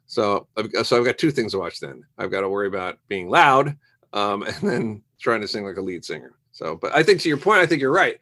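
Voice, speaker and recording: A man telling stories as a guest on a casual podcast interview, lively and acting out the voices of people he quotes. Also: lowish voice, a little fast. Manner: animated storyteller who acts out quoted voices. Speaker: musician guest.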